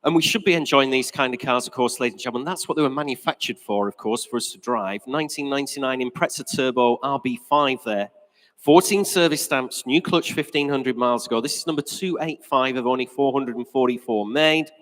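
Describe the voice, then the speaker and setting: Brisk auctioneer man in an echoey hall. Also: mid-range voice, a bit bright. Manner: brisk, jokey patter between bids. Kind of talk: live auction calling.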